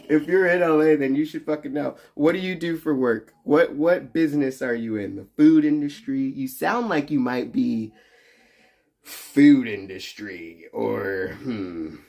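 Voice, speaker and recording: A man's voice: a little high, gravelly, a little mellow. A young adult man livestreaming, chatting with his viewers in a teasing, profane, joking way. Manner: profane, teasing banter with frequent laughs. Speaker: livestreamer reading chat. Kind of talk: casual livestream chat.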